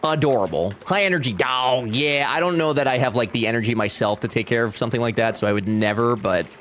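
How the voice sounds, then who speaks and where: A man's voice: mid-range voice, quick pace, fairly bright tone, slight background noise. A young man chatting casually with his live-stream chat while playing a game, joking and talking back to viewers.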